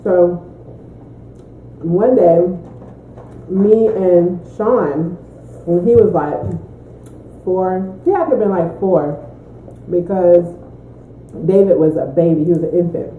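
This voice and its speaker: Mom chatting, tinny echoey sound. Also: female voice, fairly low pitch, takes it slowly, long pauses, a little hiss or hum. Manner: lively storyteller, laughs often. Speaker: mother answering Q&A. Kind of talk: casual chat, mukbang. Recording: tinny echoey room recording.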